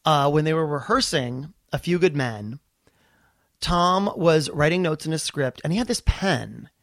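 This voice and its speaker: Profane, animated male comedian telling a story. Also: fairly high pitch, vocal fry, dry recording, studio quality. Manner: fast, animated, profane, acts out quotes. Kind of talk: casual storytelling chat.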